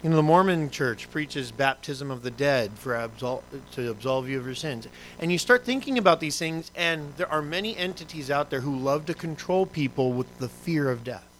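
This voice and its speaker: Brief: male pastor, conversational sermon, rhetorical questions, slightly high and bright, faint hum behind. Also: animated, moderate pace, hardly any pauses, poor audio.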